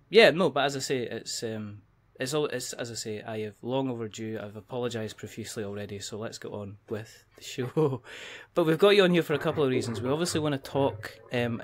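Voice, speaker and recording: Man, podcast host, jokey, middle pitch, laughs a lot. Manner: jokey, laughs often, rambling restarts. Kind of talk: casual chat.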